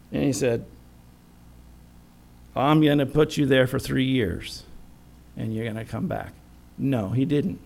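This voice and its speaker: A man's voice: medium pitch, creaky. A man preaching a sermon in a chatty, storytelling way with self-deprecating humor.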